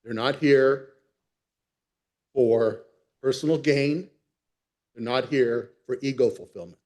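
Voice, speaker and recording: A man giving public comment at a council meeting, earnest and measured. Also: medium pitch, darkish tone.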